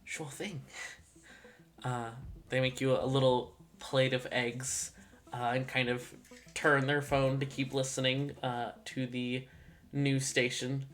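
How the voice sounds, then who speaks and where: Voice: mid-range voice, monotone, unhurried, a bit bright. A game master narrating a tabletop role-playing scene, hesitant and full of filler sounds.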